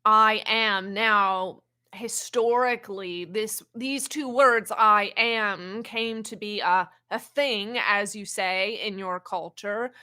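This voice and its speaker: A woman channeling an ancient wise spirit in a spiritual teaching talk, speaking slowly and haltingly and often repeating words. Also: mid-range voice, bright, forceful tone. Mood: calm teaching. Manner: slow, halting, repeats words while searching.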